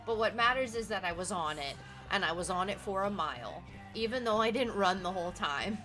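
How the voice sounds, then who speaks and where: A woman's voice: mid-range voice, expressive, brisk, fairly bright tone. A young woman streamer chatting casually with her viewers, rambling and reacting to their messages. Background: music playing in the background.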